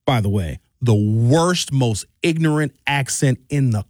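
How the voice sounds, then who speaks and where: A man with a Wisconsin accent hosting a radio talk show from a studio mic, telling stories in a joking, animated way. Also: mid-range voice, a little slow, dry recording. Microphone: studio microphone.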